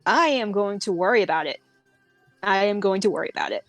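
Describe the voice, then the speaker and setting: A woman voicing a brisk tavern keeper woman who is pushy and exasperated, in a tabletop game. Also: mid-range voice, lively intonation, a bit bright, no room sound, faint music behind. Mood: insistent.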